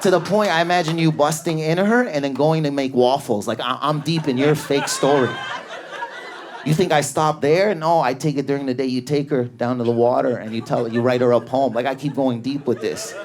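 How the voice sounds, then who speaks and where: A man doing a stand-up comedy set in a club, riffing on an audience member with raging, neurotic energy and lots of swearing, on a stage mic. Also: noisy background. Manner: high energy, profane, neurotic, rapid riffs. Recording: live club audience laughter.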